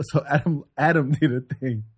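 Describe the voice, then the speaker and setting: A man's voice: fairly high pitch, unhurried, slightly rough. A comedian on a podcast in loose casual chat, swearing freely and stammering as he restarts sentences.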